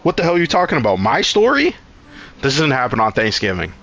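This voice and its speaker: Excitable young man telling a story. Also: medium pitch, quick pace. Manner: loose, profane and rambling, often acting out his own lines. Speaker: streamer. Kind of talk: casual live-stream storytelling.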